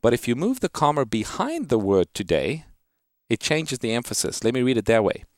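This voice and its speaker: A man's voice: mid-range voice, huge pitch swings, brisk, no echo, studio quality. A man hosting a call-in radio show, earnestly explaining Bible verses to callers and quoting scripture in a lifted reading voice. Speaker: radio Bible-answer host.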